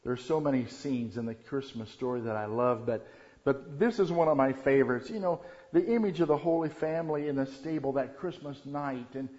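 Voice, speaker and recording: A man preaching a Christmas sermon, shifting from quiet reverence to loud, animated storytelling. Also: on the high side. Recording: dull lo-fi sound.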